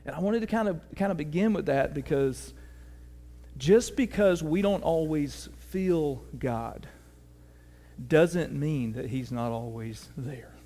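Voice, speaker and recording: A man's voice: on the high side, mellow. A middle-aged man preaching a sermon as pastor, telling a story in a conversational way and asking his congregation questions. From United States. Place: church sanctuary. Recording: long reverb of a church hall.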